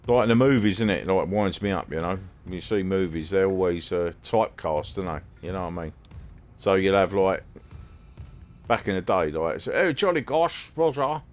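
Cockney streamer, deep-voiced, chatty rambling commentary, faint music under him. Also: male voice, a little fast, a little mellow. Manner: rambling, chatty, mutters to himself. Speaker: gaming streamer. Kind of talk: casual gameplay commentary. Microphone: headphones on, streaming setup.

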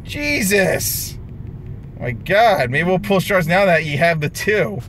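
Exasperated high-voiced young man groaning. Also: expressive, moderate pace, fairly bright tone, a little hiss or hum. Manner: exasperated, groaning and complaining, sudden jumps in pitch. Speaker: mobile game unboxing creator. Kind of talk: frustrated gameplay commentary.

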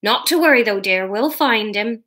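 A woman voicing a perceptive old village woman with a gentle, knowing manner while reading a storybook aloud. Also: fairly high pitch, expressive, normal speed.

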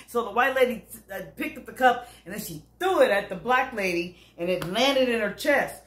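A woman bus driver telling a comic story to viewers in an animated, chatty way, calling them y'all. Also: on the high side, a little fast, hardly any pauses. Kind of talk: comedic storytelling to camera. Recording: roomy echo.

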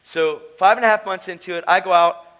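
Man, preacher, conference testimony, casual slang, animated storytelling, bright tone. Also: high voice, a little fast. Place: conference hall.

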